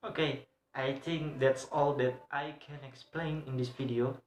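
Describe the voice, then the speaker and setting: Young male student presenter. Slow, halting delivery full of fillers, repeats examples, recorded in a roomy echo. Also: mid-range voice, fairly even intonation. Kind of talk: explaining grammar in a class video.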